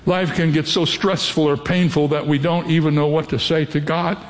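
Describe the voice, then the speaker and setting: An older male pastor delivers a sermon in an earnest, direct way, often turning to the congregation with questions. His voice sits a little high for a man. The sound carries a long reverb, like a large hall. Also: level tone, normal speed.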